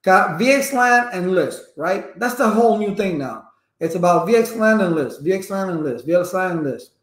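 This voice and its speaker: A man's voice: high voice, expressive, normal speed, reverberant. A man running a live-streamed networking lesson, chatty and repetitive, stopping to greet viewers in the chat. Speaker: networking instructor.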